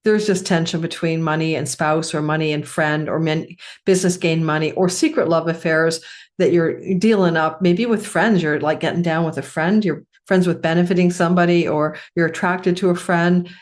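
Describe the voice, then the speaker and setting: A middle-aged woman gives an astrology forecast in a loose, chatty way, with a slightly low voice. She keeps clearing a tickle from her throat and coughing. She often stops to correct herself mid-phrase. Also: steady tone, normal speed. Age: middle-aged or older.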